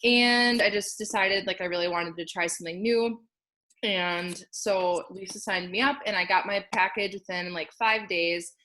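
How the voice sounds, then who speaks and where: This young woman's voice sits fairly low and sounds pushed and bright as she shares how she succeeded, talking from home. Her casual testimonial is cheerful and chatty, with lots of laughing and "like" sprinkled throughout.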